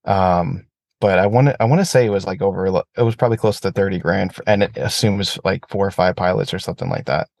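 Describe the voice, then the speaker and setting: A man's voice: sits low, fast, creaky, no echo. A man talking casually about aerobatic flying, swearing freely and ranting when heated. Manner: profane, animated rants. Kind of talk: casual chat.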